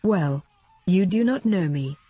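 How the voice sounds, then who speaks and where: Earnest, grateful old soldier, lowish voice, dark mellow tone, husky edge, dry close sound, as a woman reads him. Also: animated, slow pace, dry recording, soft background music.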